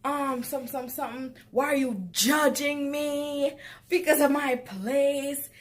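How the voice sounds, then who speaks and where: Whiny pushy guy begging and nagging, a woman quoting him in a bit higher voice. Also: fairly even intonation, slow pace. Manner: pleading, defensive and nagging. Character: whiny pushy man she dated.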